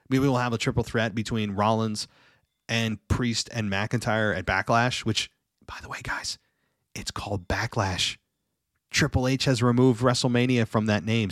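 A man's voice: mid-range voice, dry recording, studio quality. A man giving opinionated, rambling commentary in a casual review, often restarting his sentences. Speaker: wrestling show reviewer.

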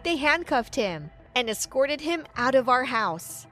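Woman storyteller, higher voice, lively narration, faint music behind. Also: measured pace. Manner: lively, animated storytelling with acted quotes. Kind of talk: first-person story narration.

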